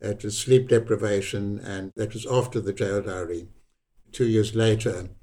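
A man's voice: lowish voice, fairly even intonation, moderate pace, mellow. An older man with a South African accent, a guest telling a personal story in a reflective way and repeating words for emphasis. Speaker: interview guest.

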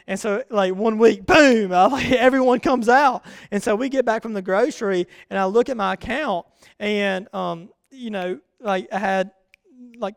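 A man preaching a sermon, chatting casually with the congregation and building to loud, rousing repetition. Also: high-pitched, gravelly, clean tone, no echo. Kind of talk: sermon with personal storytelling.

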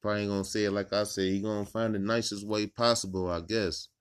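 A man hosting a podcast in casual late-night chat at home, talking in a profane, rambling, animated way while tipsy. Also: fairly low pitch, quick pace, clear, resonant tone. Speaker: podcast host.

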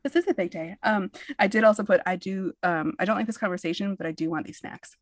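Woman cohosting a podcast, chatty and animated, dry close sound, mid pitch. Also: fast, dry recording. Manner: animated, swears, mimics lines in quotes. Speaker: podcast co-host. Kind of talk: casual chat.

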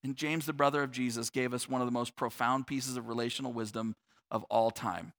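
A man in his forties preaching a sermon as a pastor, earnest, repeating words as he builds his point and dropping to a soft low voice to reflect. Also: steady tone, fairly quick, in a large hall.

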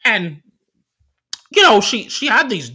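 A man doing a high, rambling rideshare driver. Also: big pitch swings, slow pace, bright, forceful tone, slightly rough, heavily acted. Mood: complaining. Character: chatty awkward male rideshare driver, oversharing.

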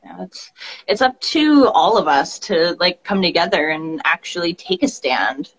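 A woman's voice: fairly low pitch, animated, unhurried, slightly rough, rough recording. A woman hosting a casual talk show, supportive and reassuring toward her guest. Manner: supportive, reassuring, agreeing often. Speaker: podcast host. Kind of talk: casual chat.

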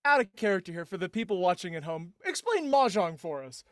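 A man playing in a tabletop game, animated and quick to laugh. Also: sits high, no echo, clean studio sound. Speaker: player. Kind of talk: casual tabletop play.

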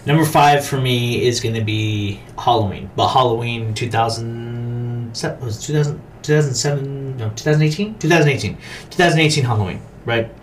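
A man co-hosting a podcast, talking casually about horror movies, swearing a lot and acting out scenes with sudden shouts. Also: medium pitch, brisk, a little hiss or hum. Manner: profane, animated storytelling with acted-out shouts. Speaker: podcast co-host.

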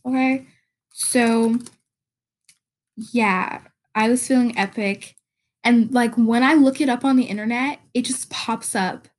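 Giggly, rambling woman podcaster. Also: fairly high pitch. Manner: rambling and giggly, often searching for words. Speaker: podcast host. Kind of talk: casual solo podcast chat.

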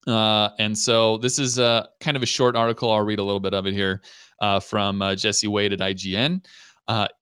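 A young man co-hosting a casual podcast, chatting and reading news articles aloud in a relaxed way. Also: on the low side, no echo, studio quality. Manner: relaxed, laid-back, reads articles aloud. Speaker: podcast co-host.

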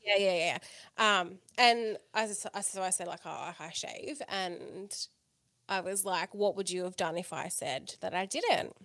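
A woman's voice: medium pitch, fairly even intonation, measured pace, a bit bright. A woman in a casual podcast chat tells a long rambling story, full of "like" and swearing. Her voice sits mid-range and sounds close and dry, with no room echo. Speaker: podcast co-host.

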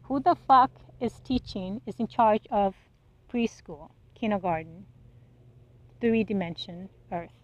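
A woman's voice: mid-range voice, animated, a little slow, lo-fi sound. A woman hosting a solo podcast, talking bluntly and with exasperation, swearing freely and firing off rhetorical questions. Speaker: podcast host. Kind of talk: casual solo monologue.

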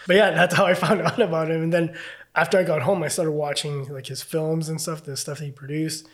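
A man's voice: on the high side, level tone, fairly quick, crowd noise. A man casually telling a story as a podcast guest, loose and chatty, full of fillers and swearing.

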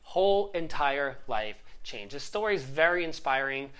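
Lively-pitched motivational life coach. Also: moderate pace, clean tone. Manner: animated, conversational, often says "right?". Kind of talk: motivational talk.

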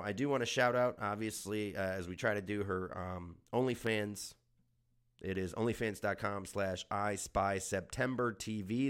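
A man's voice: lowish voice, fairly bright tone. A young adult man from Germany hosting a comedy podcast, riffing crudely and sarcastically. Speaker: podcast host.

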